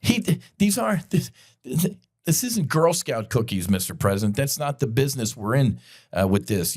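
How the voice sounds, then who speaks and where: Fired-up middle-aged male podcast host. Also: mid-range voice. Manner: emotional, blunt, profane, addresses listeners directly. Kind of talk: impassioned commentary monologue.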